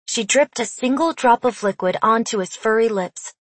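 A woman reading fantasy narration in an even, steady storytelling manner. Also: on the high side, normal speed, breathy edge, dry recording. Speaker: audiobook narrator.

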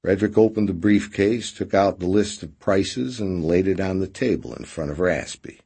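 A man narrating a story in a measured, expressive way. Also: low-pitched, slightly rough. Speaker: audiobook narrator. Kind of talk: scripted narration.

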